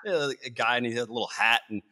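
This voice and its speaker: A man with a crisp, bright tone talks in an easygoing podcast chat. He tells stories in a rambling, animated way and laughs often. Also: mid-range voice, rapid-fire. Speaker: podcast host. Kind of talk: casual storytelling chat.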